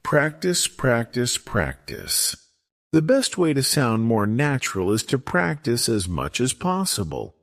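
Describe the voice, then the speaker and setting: Man, English lesson narration, very slow, hugely swooping pitch, dry close sound. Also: huge pitch swings, fairly bright tone, no room sound. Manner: slow, deliberate delivery with strongly rising and falling pitch. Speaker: English teacher.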